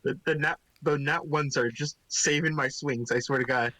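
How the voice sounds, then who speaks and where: A man's voice: fairly high pitch, fairly even intonation, normal speed, bright, forceful tone, no room sound, poor audio. A man playing a tabletop game, reacting to rolls with casual swearing. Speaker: player.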